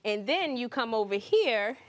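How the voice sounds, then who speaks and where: A woman with a fairly high voice walks through a recipe on a TV studio kitchen set. She is upbeat and laughs easily. Her explanations are plain and step by step. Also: expressive, unhurried, noisy background. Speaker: guest cook. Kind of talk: cooking demonstration chat.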